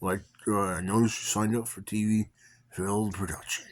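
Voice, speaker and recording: A man voicing an older male teacher who talks slowly in a deep voice. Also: steady tone, lightly acted. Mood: inquiring. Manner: slow, deliberate talk.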